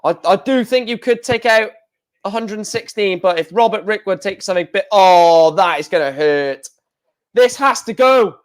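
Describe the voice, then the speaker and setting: An excitable man commentating live on a stream, shouting and repeating himself at big moments. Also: high voice, moderate pace.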